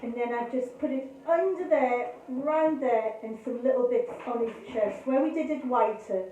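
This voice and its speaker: A chatty woman leads a live painting class, talking through every stroke as she works. Her voice is high but mellow. The room sounds echoey, with a faint hiss behind her. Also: normal speed, highs cut off. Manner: chatty, cheerful, talks through each brush stroke. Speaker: art teacher leading a paint-along. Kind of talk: live online painting lesson.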